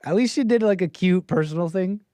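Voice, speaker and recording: A man's voice: sits high, brisk, warm tone, dry recording, studio quality. A man hosting a call-in show, riffing in a mocking, rambling way and putting on silly voices to quote people. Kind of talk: casual on-air commentary.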